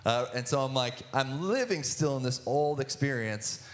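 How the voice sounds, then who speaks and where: A man's voice: medium pitch, animated, normal speed. A young man in his twenties telling his personal testimony in church, earnest, with many restarts and filler words. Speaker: guest speaker sharing testimony.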